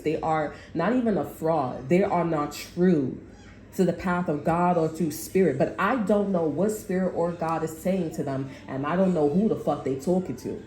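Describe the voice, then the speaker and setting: A woman's voice: on the low side, warm tone, a little hiss or hum. A woman tarot reader in a casual, rambling spiritual monologue, blunt and full of swearing. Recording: echoey room.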